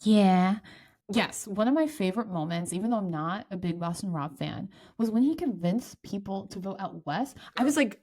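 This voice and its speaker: Casting note: woman podcast co-host, chatty and animated, mid-pitched voice, casual talk. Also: moderate pace. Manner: chatty, animated, quoting people in reenacted asides. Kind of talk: casual chat.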